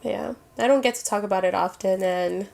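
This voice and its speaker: Woman, podcast co-host, teary, casual swearing, bits of Spanish, gravelly. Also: mid-range voice, fairly quick, darkish tone. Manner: candid, laughing, swears casually, mixes in Spanish words. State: teary after crying. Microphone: handheld mic.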